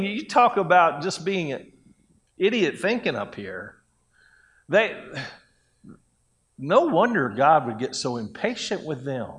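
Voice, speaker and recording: A man's voice: sits high, expressive, unhurried, long pauses, a bit bright. A man preaching a sermon in a conversational way, breaking into acted-out quotes of people. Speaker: pastor.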